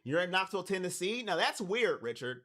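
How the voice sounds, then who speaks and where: A man's voice: sits high, big pitch swings, a little fast, sharp tone. A man hosting a live watch party, calling plays and talking straight to his chat with hype-driven energy, his voice wearing thin. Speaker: livestream watch party host. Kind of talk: live play-by-play commentary with chat.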